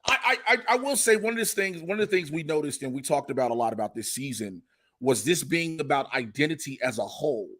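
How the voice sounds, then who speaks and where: Male podcast co-host, pitched a bit high, lively and profane, acts out scenes. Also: fast. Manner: animated, swears freely, acts out reactions. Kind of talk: casual podcast chat.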